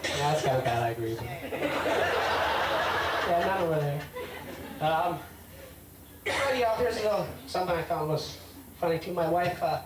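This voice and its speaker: A man's voice: a little high, animated, moderate pace, long pauses, very noisy. A man doing a stand-up comedy set, rambling and hesitant, talking back to hecklers. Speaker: stand-up comic. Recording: roomy club sound from a distant mic with loud crowd.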